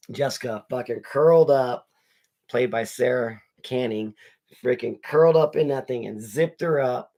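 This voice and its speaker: A man's voice: mid-range voice, gravelly. A man casually recapping a horror movie with spoilers while unboxing comics, rambling and swearing as he quotes the characters. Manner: rambling, profane storytelling with quoted dialogue. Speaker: movie reviewer.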